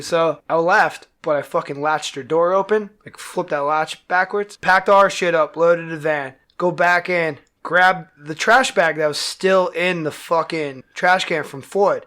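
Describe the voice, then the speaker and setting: A man's voice: a little high, moderate pace, hardly any pauses, clear, resonant tone. A man, a touring metal musician, telling tour anecdotes in casual, profanity-heavy podcast chat. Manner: swears constantly, animated tour anecdotes.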